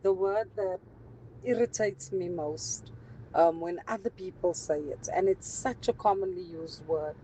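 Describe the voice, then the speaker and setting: A woman leaving a slow, exasperated voice note for a radio show. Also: fairly low pitch, steady tone, dark tone, highs cut off, a little hiss or hum. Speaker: radio caller.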